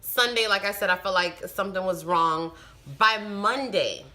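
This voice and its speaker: A woman vlogger speaks straight to camera in an easy, conversational storytelling way. Her voice is bright and forward, and she leans hard into the key words with animated emphasis. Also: mid-range voice, moderate pace. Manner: animated, emphatic retelling with frustrated outbursts. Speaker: vlogger and new mother.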